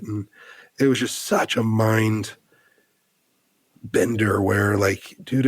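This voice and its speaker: Gravelly, husky American man telling a heartfelt story. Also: fairly low pitch, dry recording. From United States. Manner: earnest, halting, many fillers and restarts. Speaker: podcast guest. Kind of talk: emotional personal storytelling.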